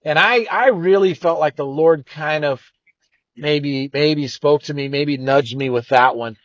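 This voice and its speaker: A man's voice: on the high side, measured pace, no room sound. A man co-hosting a show, earnestly telling a personal story in a reflective, meandering way. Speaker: co-host. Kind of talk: casual storytelling. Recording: dull, dry lo-fi sound.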